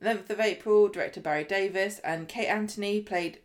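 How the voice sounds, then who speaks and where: A woman's voice: medium pitch, fairly even intonation, a little fast. A woman with a Southern English accent co-hosting a podcast, with a dry, teasing manner. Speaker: podcast co-host. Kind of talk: casual chat. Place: hotel room.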